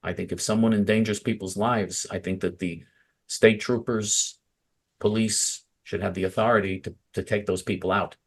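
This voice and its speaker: A man's voice: fairly low pitch, steady tone, moderate pace, slightly rough. A man hosting a talk show, speaking emphatically and a little preachily. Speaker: host. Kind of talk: casual talk-show chat.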